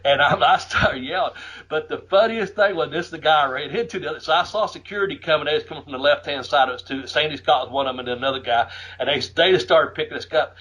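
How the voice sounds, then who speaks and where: A middle-aged man from the USA telling wrestling stories in a casual, profane way, laughing often and shouting out the lines he quotes. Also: fairly high pitch, fast, breathy edge. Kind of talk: casual storytelling. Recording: muffled lo-fi audio.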